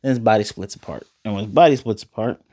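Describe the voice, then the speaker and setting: Animated man recapping an anime episode. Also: lowish voice, fast talker, no echo, clean studio sound. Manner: animated, retells scenes with quoted lines. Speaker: anime reviewer.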